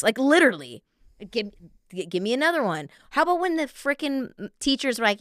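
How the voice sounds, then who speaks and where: A woman co-hosting a podcast in casual chat, lively and teasing, often laughing. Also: a little high, moderate pace, clean tone, no echo, studio quality. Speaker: podcast co-host.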